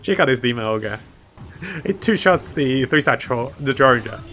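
A man's voice: medium pitch, animated, moderate pace, a bit bright. A man commentating his own strategy game live, chatting to viewers and laughing often. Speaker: streamer playing a strategy game.

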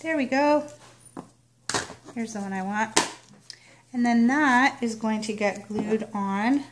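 A woman's voice: fairly high pitch, noisy background. A woman demonstrating card making, chatting casually as she works and narrating each step. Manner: chatty, self-narrating while working. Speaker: papercraft demonstrator. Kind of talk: casual crafting tutorial.

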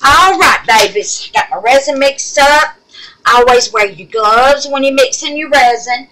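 A woman with a Southern US accent runs a resin craft channel and hosts a tutorial from home, chatting in a folksy way and calling viewers "babies" and "honey" while she works. Her voice sits high and a little bright, her pace is a bit slow, and the recording quality is low.

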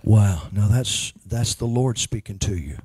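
A man's voice: on the low side, lively intonation, a little slow, darkish tone, slightly rough, no room sound. A man ministering as a prophet, speaking emphatically and praying over a woman in church. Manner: emphatic, prays over a person.

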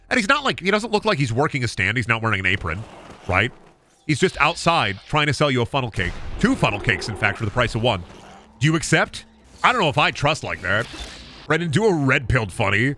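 A man's voice: a little high, big pitch swings, fairly quick, bright, forceful tone, no echo. A man who is a gaming streamer, riffing through absurd comedic stories on stream with frequent swearing. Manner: absurd, self-aware storytelling, swearing.

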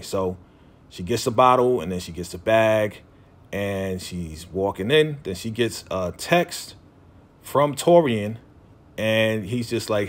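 A man's voice: fairly low pitch, expressive, moderate pace. A man talking casually as a TV recap vlogger, loosely quoting characters in his own voice with lots of fillers. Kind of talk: casual chat.

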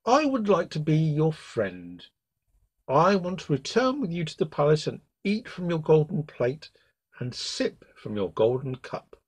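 Man doing a gentle talking frog. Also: on the high side, sing-song, a little slow, slightly rough, heavily acted. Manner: soft, gentle delivery.

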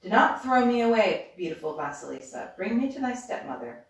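A woman's voice: mid-range voice, sing-song, a little fast. A woman reading a storybook aloud, voicing an enchanted talking skull that speaks solemnly in archaic words, recorded from a distance in a roomy space. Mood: urging.

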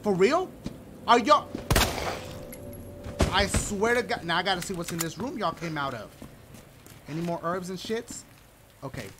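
A man giving excitable, profane let's-play commentary, talking back to game characters and yelping when scared. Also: sits high, moderate pace, long pauses, noisy background. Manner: panicky yelps and shouts when scared. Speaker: gaming video host. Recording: loud game audio and clicks behind voice.

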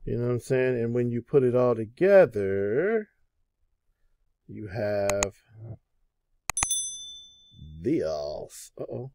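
A man hosting a casual music production tutorial, talking in a laid-back, loose way with many pauses and fillers. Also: mid-range voice, very animated, noisy background.

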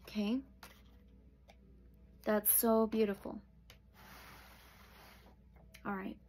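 A woman giving a pick-a-pile tarot reading, slow and soothing, with sudden excited outbursts. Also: mid-range voice, slight background noise. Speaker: tarot reader.

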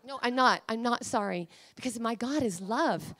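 Passionate high-voiced woman preacher. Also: normal speed, a faint crowd. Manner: passionate, emotional, swinging from hushed to fiery. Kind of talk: Pentecostal-style sermon.

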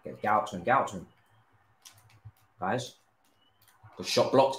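Young man, slow-talking game streamer, shouts and swears at the screen, echoey room. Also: lowish voice. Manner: excitable, shouts and swears at the players. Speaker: gaming streamer. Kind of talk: live gameplay commentary.

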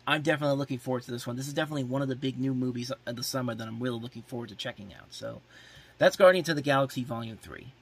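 Husky-voiced man ranting through a movie preview. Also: mid-range voice, rapid-fire. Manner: rambling, frequent "like" fillers and restarts; opinionated, exasperated about films. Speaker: podcast host. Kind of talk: casual movie preview monologue.

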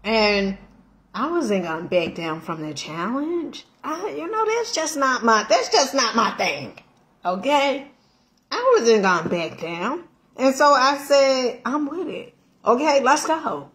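A middle-aged woman vlogging, telling a story in a casual, animated way, laughing often, with slang and emphatic swearing. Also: fairly high pitch, slow pace. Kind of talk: casual storytelling chat while eating.

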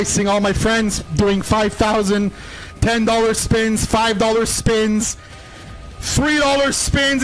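A man streaming slot spins from home, screaming and laughing in disbelief at his wins, his voice hoarse and nearly gone. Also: high-pitched, a bit bright, poor audio. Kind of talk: excited live-stream reaction.

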